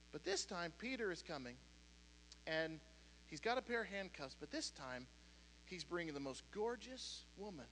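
A man's voice: high-pitched, bright, forceful tone, a little hiss or hum. A man preaching a sermon who tells a joke casually, with frequent restarts and chuckles. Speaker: pastor. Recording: long reverb of a large hall.

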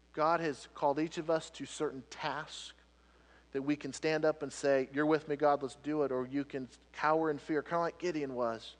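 A man preaching a sermon as pastor, swinging between loud emphatic lines and hushed ones. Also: mid-range voice. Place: church sanctuary. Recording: long reverb of a church hall.

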